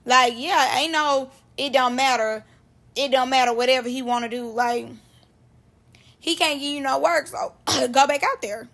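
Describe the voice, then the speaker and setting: A woman giving casual reaction commentary on a reality show, animated and slangy, laughing often between remarks. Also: high-pitched, measured pace.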